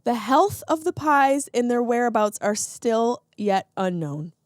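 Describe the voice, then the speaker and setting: A sarcastic woman in her thirties hosts a comedic podcast, riffing on odd news. Her voice sits a little high and animated in pitch. She is recorded close and dry, with no room sound. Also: a little slow, no echo. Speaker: podcast host. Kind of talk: comedic solo podcast monologue.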